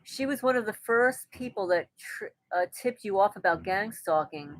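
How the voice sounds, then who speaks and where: A woman hosting a relaxed live stream, reading out viewer comments and replying in an easygoing, conversational way. Her voice sits at an ordinary middle pitch. The sound is close and dry, with no room echo. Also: moderate pace. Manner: reads viewer comments aloud and answers them conversationally; chatty, with frequent restarts and light laughter. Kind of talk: casual live-stream chat.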